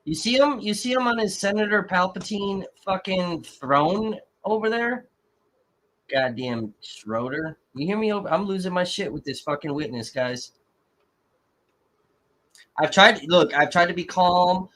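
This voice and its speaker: A man's voice: high voice, lively intonation, measured pace, fairly bright tone. A man hosting a live stream, reacting to court footage in an agitated, constantly swearing rant. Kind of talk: profane live-stream commentary.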